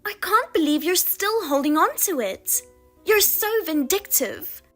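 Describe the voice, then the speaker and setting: A woman putting on a gloating, high spiteful sister. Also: lively intonation, a little slow, a bit bright, faint music behind, exaggerated voice. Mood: taunting. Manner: taunting, gloating. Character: smug spiteful younger sister, husband thief. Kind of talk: audio drama reading.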